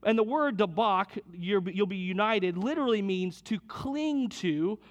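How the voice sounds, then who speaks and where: Homem pregando com voz aguda e coloquial. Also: male voice, sits high, lively intonation, measured pace. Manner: conversational, repeats key phrases, jokes with listeners. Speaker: pastor. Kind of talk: sermon.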